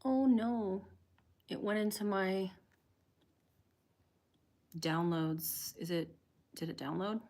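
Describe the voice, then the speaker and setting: A woman's voice: medium pitch, takes it slowly, pauses often, darkish tone, dry recording. A woman chatting on a casual livestream from her desk at home. She rambles along and laughs often. Her voice is dry and close. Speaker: streamer. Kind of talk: casual live-stream chat.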